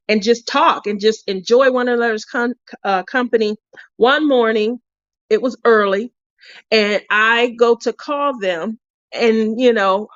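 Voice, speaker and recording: A woman's voice: on the high side, no room sound. A woman hosting a craft channel in casual chat, talking freely and laughing often. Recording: dull, dry lo-fi recording.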